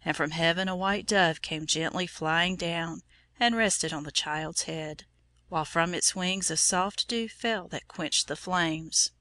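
Bright-voiced woman storyteller. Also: lowish voice, dry recording. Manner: measured and solemn. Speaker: narrator. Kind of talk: storybook narration.

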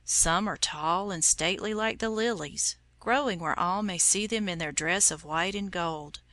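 Bright-voiced woman reading calmly. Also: fairly low pitch, moderate pace, no room sound. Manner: calm, reverent reading. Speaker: audiobook reader. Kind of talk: scripted narration.

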